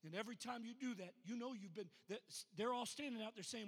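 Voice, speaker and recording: A preacher with a very high-pitched, husky voice. He delivers a sermon that swells into loud, rhythmic preaching. The sound rings with long reverb from a church sanctuary. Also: fast. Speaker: pastor.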